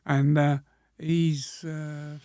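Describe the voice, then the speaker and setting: A 100-year-old war veteran reminiscing as an interview guest, speaking plainly and slowly, with pauses and throat-clearing. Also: male voice, a little high, level tone, a little mellow, dry recording, studio quality. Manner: plain-spoken, slow storytelling, frequent pauses and throat-clearing.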